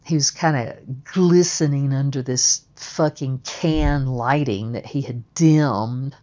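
A woman's voice: extremely low pitch, slow, dark tone, highs cut off. A woman telling a first-person story in a blunt, emphatic way, with plenty of swearing.

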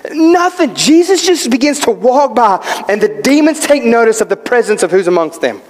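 High-voiced preacher in an echoing hall. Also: male voice, sing-song, moderate pace. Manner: emphatic, asks questions and answers them himself. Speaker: pastor. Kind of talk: sermon. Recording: long hall reverb.

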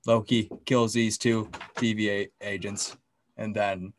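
Excitable, profane man recapping a TV episode. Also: fairly low pitch, unhurried, a little hiss or hum. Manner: excitable, profane, acts out scenes. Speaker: podcast co-host. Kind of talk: casual chat, recapping a TV episode.

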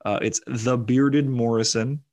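A man's voice: mid-range voice, steady tone, measured pace, a little mellow. A man co-hosting a comedy podcast, chatting casually with frequent laughs and many fillers. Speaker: podcast co-host.

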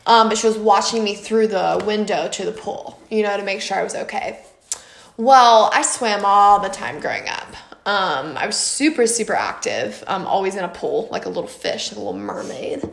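A woman's voice: mid-range voice, lively intonation, normal speed, creaky. A woman from Mississippi telling a story in a casual podcast chat, laughing often and using lots of fillers. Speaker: podcast co-host. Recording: echoey room.

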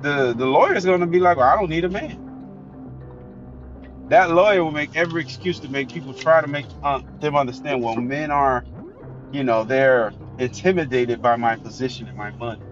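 A man's voice: mid-range voice, steady tone, brisk. A man giving a blunt, emphatic, opinionated solo monologue as a commentator. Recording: dull lo-fi recording with faint music.

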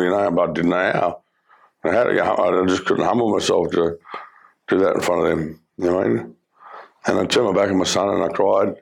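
A middle-aged Australian man with a deep, gravelly voice tells his life story as personal testimony. He speaks in a flat, level tone. His delivery is earnest and halting, full of fillers. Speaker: former criminal telling his life story.

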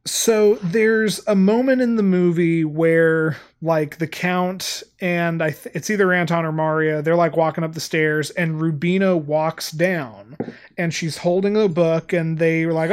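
A man's voice: fairly high pitch, fairly even intonation, unhurried, clean tone. A man co-hosting a film podcast in casual chat, emphatic and opinionated, often restarting his sentences. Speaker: podcast co-host.

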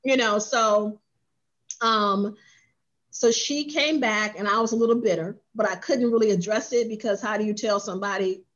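Animated woman telling her story, lo-fi. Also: mid-range voice, normal speed. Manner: animated, acts out quoted voices. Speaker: spa owner and business coach. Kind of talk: storytelling in an interview.

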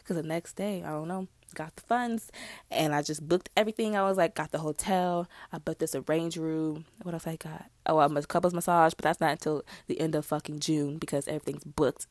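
A woman's voice: low voice, steady tone, brisk, no room sound. A young adult woman vlogger telling a personal story in casual, profane, rambling chat.

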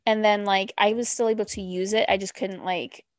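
Woman podcast co-host, mid pitch, dry close recording, blunt and profane. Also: steady tone, no room sound. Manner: blunt, swearing, quick reactions. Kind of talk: casual chat.

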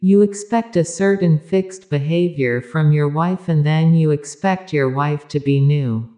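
Slow, low-voiced woman giving a discourse. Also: warm tone. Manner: measured, addressing listeners directly. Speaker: spiritual speaker. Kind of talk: spiritual discourse.

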